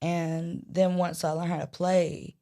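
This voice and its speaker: A woman's voice: on the low side, level tone, slow pace, warm tone. Southern woman, podcast guest, rambly and casual. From Georgia, US. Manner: chatty, rambling, with many restarts. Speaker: guest singer-songwriter.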